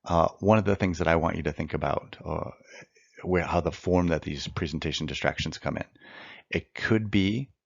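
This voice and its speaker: A man with a very low, gravelly voice teaches mock trial in a recorded lecture. He is earnest and emphatic, repeating phrases for effect and pacing himself deliberately. The sound is dry and a little dull. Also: dry recording. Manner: works to slow down a fast natural pace.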